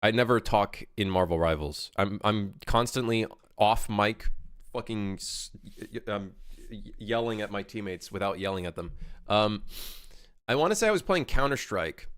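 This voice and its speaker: A man's voice: on the low side, lively intonation, normal speed, a bit bright, clean tone, no room sound, clean studio sound. A man in his late twenties, a game developer chatting casually on a livestream as he works, reading chat aloud and rambling with plenty of swearing. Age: late 20s.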